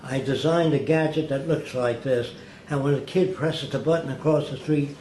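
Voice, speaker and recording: A plainspoken man tells anecdotes in an interview, wry and direct, slipping into the voices of the people he quotes. His voice sits at an ordinary middle pitch. The archive recording sounds roomy, with faint ambience underneath. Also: moderate pace, warm tone, a little hiss or hum.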